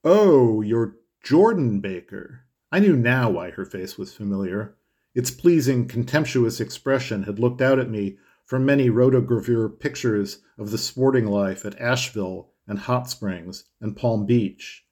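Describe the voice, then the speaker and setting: A man reads a classic novel aloud in a measured, expressive narration. His voice sits in an ordinary middle pitch, steady and composed. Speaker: audiobook narrator. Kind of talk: scripted literary narration.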